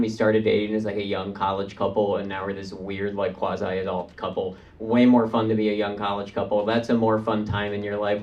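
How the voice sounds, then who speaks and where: A man doing a stand-up set with a deadpan, offbeat cadence. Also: on the low side, slight background noise. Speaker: stand-up comedian. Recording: distant stage mic with loud crowd.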